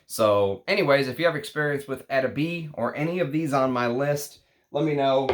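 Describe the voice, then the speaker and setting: A man's voice: medium pitch, moderate pace. A man casually reviewing fragrances on his vlog, lingering with enthusiasm over long lists of scent notes.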